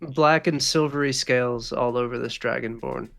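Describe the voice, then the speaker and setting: A man's voice: mid-range voice, steady tone, normal speed, gravelly, a bit bright. A man running a tabletop game as dungeon master, narrating casually with lots of fillers.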